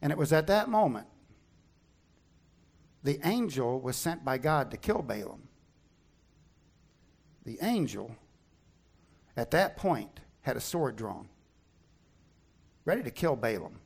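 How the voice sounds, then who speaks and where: A man preaching a sermon, retelling a Bible story in an animated way and acting out the characters' lines. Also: medium pitch, slow pace, gravelly, pauses often. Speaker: pastor.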